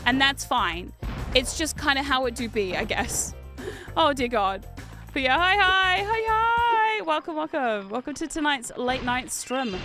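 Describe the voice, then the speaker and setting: Young woman streamer; rambling, giggly casual chat, high pitch, music under the voice. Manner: rambling, giggly, animated outbursts. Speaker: VTuber streamer. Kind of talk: casual chat while streaming retro games.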